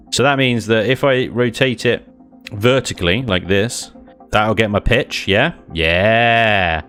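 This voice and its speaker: A man's voice: fairly low pitch, a bit bright. A man streaming a space game, thinking aloud, chuckling often and chatting with his viewers. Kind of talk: casual live-stream chat while building in a game.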